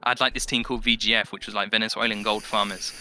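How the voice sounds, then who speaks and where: A man's voice: on the low side, rapid-fire. A man talking in a casual gaming podcast chat, rambling with lots of fillers. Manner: rambling, filler-heavy, animated impressions of others. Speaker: podcast guest.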